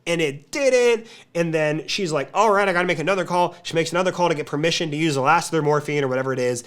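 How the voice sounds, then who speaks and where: A man hosting a podcast, telling a lively story to a live client community, with a speaking pace that quickens and slows. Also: fairly high pitch. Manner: animated storytelling, pace shifts. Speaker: podcast host.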